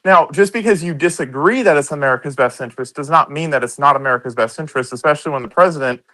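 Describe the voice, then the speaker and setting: A man's voice: a little high, fast, pushed and bright, rough recording. A man co-hosting a heated political debate, combative and profane, often talking over the others. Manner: combative, swears a lot, talks over others. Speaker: podcast co-host.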